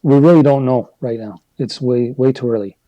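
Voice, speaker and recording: A man's voice: medium pitch, normal speed, warm tone, no echo, highs cut off. Canadian man ranting on a livestream. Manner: conversational, rambling, gets worked up into rants. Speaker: livestream host reading chat. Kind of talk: casual livestream chat.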